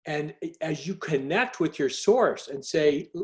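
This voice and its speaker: A man with a fairly high voice hosts a motivational group call over a video link. He talks earnestly, pressing his listeners with direct questions and urging them to act. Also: expressive, takes it slowly, hardly any pauses. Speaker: host.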